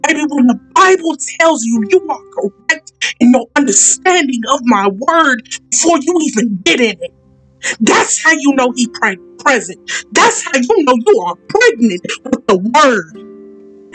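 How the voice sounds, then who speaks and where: A woman host leading a Bible study in an excitable, preacherly way, reading scripture and calling out to her listeners. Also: sits high, rough recording. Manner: excitable, preacherly call-and-response.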